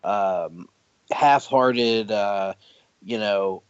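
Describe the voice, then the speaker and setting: A man chatting casually on a podcast, an animated storyteller who laughs often and keeps restarting his sentences. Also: on the low side, very slow, clean tone, no echo. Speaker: podcast guest. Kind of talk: casual chat. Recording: dry muffled podcast audio.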